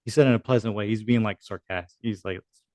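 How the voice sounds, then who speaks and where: A man's voice: fairly low pitch, fast, darkish tone, no room sound. A man in his thirties, a military veteran guest on a podcast, telling a war story in a casual, profane way. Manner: casual, profane, acts out quoted dialogue. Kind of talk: conversational storytelling.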